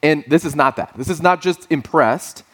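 A man's voice: on the high side, normal speed. A man in his forties giving a sermon as a pastor, conversational and storytelling, with playful asides.

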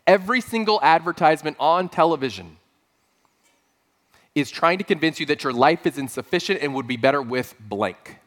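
A man's voice: a little high, animated, moderate pace, fairly bright tone. A man preaching a sermon as pastor, earnest and emphatic, building points through repeated phrases.

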